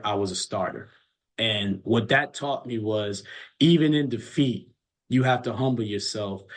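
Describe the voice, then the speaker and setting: A man coaching college basketball, chatting casually and telling earnest stories, often repeating his words. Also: medium pitch. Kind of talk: casual chat.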